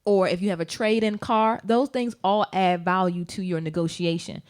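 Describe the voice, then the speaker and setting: A woman's voice: on the low side, steady tone, normal speed. A woman co-hosting a casual podcast, talking emphatically and giving advice through anecdotes. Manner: mimics voices when quoting people. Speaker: podcast co-host.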